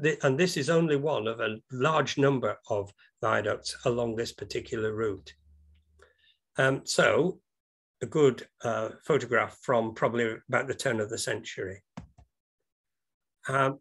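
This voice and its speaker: A man's voice: mid-range voice, creaky, fairly bright tone, husky. A British man giving an informal slide talk over a video call, rambling and hesitant with many ums, breaking into enthusiastic asides. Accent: British English.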